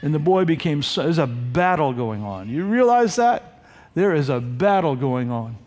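A man's voice: a little high, moderate pace. A man preaching a sermon, teaching verse by verse and acting out the quoted lines. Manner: animated, acts out the quoted lines. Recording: long hall reverb.

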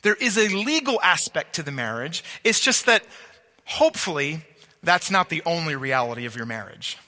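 A man's voice: a little high, sing-song, moderate pace, bright, forceful tone. A man preaching a sermon, earnest, repeating words for emphasis and checking that listeners follow. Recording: long reverb of a large hall.

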